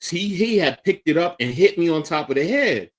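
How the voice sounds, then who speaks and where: A man's voice: on the high side, normal speed. A middle-aged man with a Philadelphia accent, co-hosting a casual talk show and animatedly acting out the voices in his stories. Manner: animated storyteller acting out quotes. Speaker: podcast co-host. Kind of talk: casual storytelling chat.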